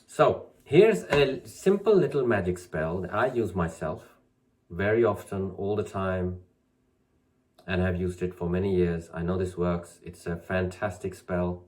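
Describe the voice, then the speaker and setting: A man's voice: low voice, a little slow, a little mellow. A man hosting a spiritual talk, encouraging listeners and repeating affirmations with growing emphasis. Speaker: channel host teaching spiritual practice.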